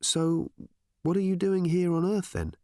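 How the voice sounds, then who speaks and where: A man voicing Tricia, a poised woman journalist who asks brisk, probing questions. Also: high-pitched, expressive, warm tone, no echo, clean studio sound, voice pushed up.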